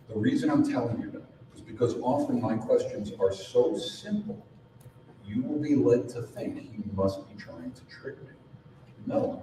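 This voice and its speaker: A man speaking to a live seminar audience, punchy and animated, his voice jumping up and down in pitch. He is picked up from some way off in a very echoey room. There is clear background noise behind him. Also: recorded from a distance. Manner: animated, punchy, rhetorical questions. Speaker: sales trainer and speaker.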